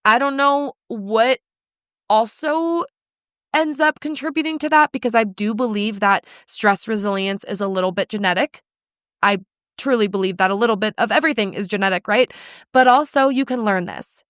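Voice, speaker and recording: A woman's voice: a little high, moderate pace, smooth, dry recording, studio quality. A young woman hosting a solo coaching podcast, talking bluntly and with energy. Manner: blunt, animated, casual swearing. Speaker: podcast host, nutrition coach.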